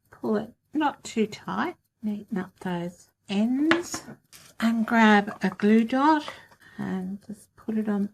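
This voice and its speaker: A woman hosting a craft tutorial, calmly and practically talking through each step of a demonstration. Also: medium pitch, gravelly.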